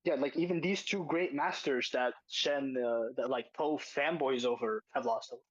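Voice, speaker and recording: Speaking at normal speed with a medium-pitched voice, a man hosts a relaxed podcast conversation, reacting to a video by arguing forcefully and going over his points again and again. It's a lo-fi recording.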